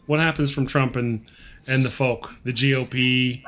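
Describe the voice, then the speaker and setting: A man's voice: medium pitch, steady tone, normal speed, fairly bright tone. A man co-hosting a casual livestream chat, talkative and jokey and insistent on his point. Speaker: co-host.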